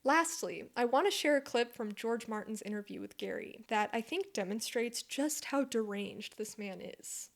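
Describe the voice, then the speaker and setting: A woman's voice: a little high, lively intonation, normal speed, gravelly, hardly any pauses. A woman vlogger delivering scripted commentary, blunt and argumentative, swearing for emphasis.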